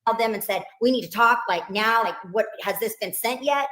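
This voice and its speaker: A woman's voice: fairly high pitch, a little fast, fairly bright tone. A woman, a grieving mother, earnestly recounting events in an interview. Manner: earnest, upset, retelling in detail. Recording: roomy played-back interview clip.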